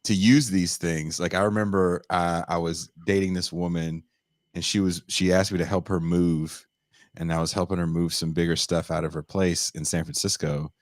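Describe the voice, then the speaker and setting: A man's voice: sits low, normal speed, no echo, studio quality. A man co-hosting a podcast, telling a story in casual chat and acting out the people in it with raised voices. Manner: animated, acts out quotes in raised voices. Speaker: podcast co-host.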